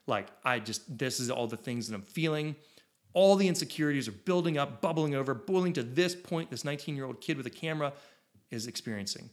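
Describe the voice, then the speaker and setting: This is a man in his thirties with an ordinary mid-range voice. He tells a personal story to an audience in an animated, excitable way, tripping over restarts and leaning on "like" as he goes. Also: medium pitch, a little fast. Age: 30s. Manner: excitable, with rambling restarts and lots of "like". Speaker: photographer telling his story.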